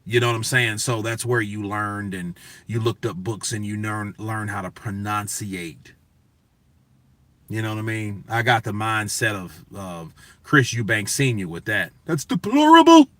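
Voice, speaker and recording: A man's voice: on the low side, fairly even intonation, measured pace, sharp tone, no echo. A man hosting a boxing news show, talking in a casual, profane, emphatic rant to his viewers. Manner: profane, emphatic, talks to chat.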